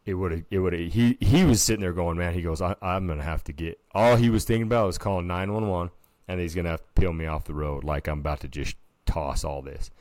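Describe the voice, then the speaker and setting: Brisk and deep, with a darkish tone and no echo, a podcast co-host animatedly tells a story in casual chat, filling it with filler words.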